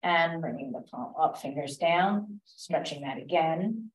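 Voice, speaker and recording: Woman fitness instructor, lowish voice, calm step-by-step cueing, echoey room, picked up from a distance. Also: a little slow. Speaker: stretch class instructor. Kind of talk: guiding an exercise class. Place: library class room.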